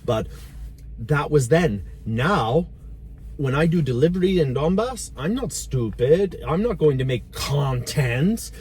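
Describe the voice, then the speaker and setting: A man's voice: a little high, animated, slow pace, a little mellow, slight background noise. A man talking in a casual sit-down conversation, blunt and ranting, swearing freely. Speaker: volunteer driver and channel host.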